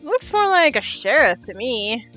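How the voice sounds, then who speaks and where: A woman voicing a swaggering Western male lawman, reading game dialogue with a loud cowboy drawl. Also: fairly high pitch, very animated, unhurried, soft background music, exaggerated voice.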